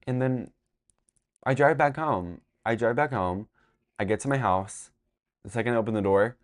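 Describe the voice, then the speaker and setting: A man's voice: medium pitch, moderate pace, pauses often. A young man telling a storytime vlog in a rambling, exasperated way, swearing as he goes. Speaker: vlogger.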